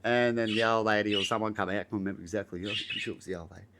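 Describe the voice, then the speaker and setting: Australian man, lowish voice, casual rambling storyteller who acts out bits loudly. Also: steady tone, very fast, background noise. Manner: rambling, acts out scenes with loud exclamations. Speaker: vlogger.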